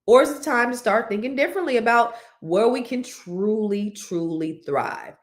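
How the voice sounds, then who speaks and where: A woman with a Californian accent hosting a panel talk show, animated and playful, stretching words for emphasis. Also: fairly high pitch, normal speed. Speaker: host.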